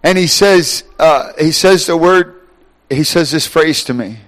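A middle-aged man preaching a sermon, animated, shouting at times, acting out voices and laughing. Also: fairly high pitch, measured pace.

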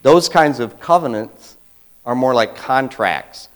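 A man preaching a conversational sermon as a pastor, swinging between quiet asides and loud emphatic bursts and acting out quotes. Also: mid-range voice, animated, slow pace, low-quality recording.

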